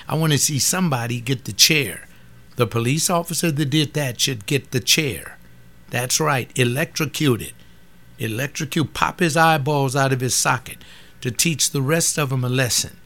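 Medium in pitch and a bit bright, this man in his seventies hosts a webcast, delivering a casual monologue commentary at a moderate pace that grows impassioned and climbs toward outrage.

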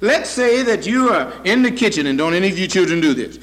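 A man with a high voice preaches to his congregation, hammering his points home through repetition. The sermon echoes with a long reverb through a large church hall. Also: very animated, a little fast, a bit bright. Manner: emphatic, repetitive, addresses the congregation directly.

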